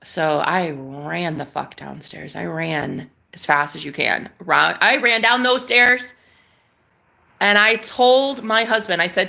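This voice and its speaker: Woman, bright gravelly voice, emotional personal story, stumbling restarts. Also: on the low side, unhurried. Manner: emotional, intense retelling with frequent restarts and swearing. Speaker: vlogger. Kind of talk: personal spiritual story told to camera.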